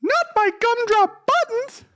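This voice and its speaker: A man doing a mocking impression of a friend as a whiny, childlike little man in a high squeaky falsetto. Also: animated, slow, pushed and bright, slight background noise, full character voice. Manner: whiny, complaining.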